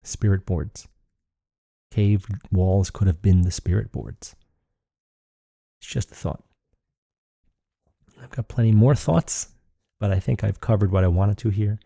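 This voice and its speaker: A man's voice: lowish voice, measured pace, vocal fry, long pauses, mellow, dry recording, clean studio sound. A man hosting a solo podcast, rambling and thinking aloud with frequent restarts. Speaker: podcast host.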